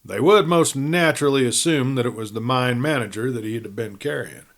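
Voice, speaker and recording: Male storyteller for a cowboy audiobook, even, measured narration. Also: mid-range voice. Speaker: storyteller reading a western novel. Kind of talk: audiobook-style reading aloud.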